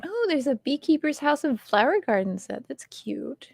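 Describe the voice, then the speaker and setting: Giggly woman with a lively, bouncy voice. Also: high voice, normal speed, vocal fry, dry recording, clean studio sound. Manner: giggly, playful and easygoing, laughs often. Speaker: co-host. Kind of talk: casual chat on a livestream.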